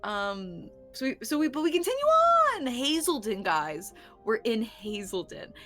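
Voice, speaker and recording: A woman's voice: a little high, sing-song, a little slow, soft background music. Giggly woman rambling through a game recap. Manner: rambling, giggly, swears freely, lots of restarts. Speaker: player recapping the last session. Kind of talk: casual recap of a tabletop game.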